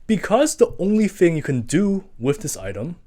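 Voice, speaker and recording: A man's voice: sits high, sing-song, normal speed, dark tone. A man reading a scripted commentary in a casual, chatty way, full of asides. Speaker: video essayist.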